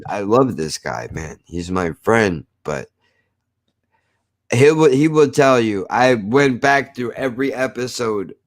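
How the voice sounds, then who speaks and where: A man from New Jersey hosting a podcast, ranting emphatically in casual chat, repeating himself and swearing. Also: mid-range voice. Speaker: podcast host.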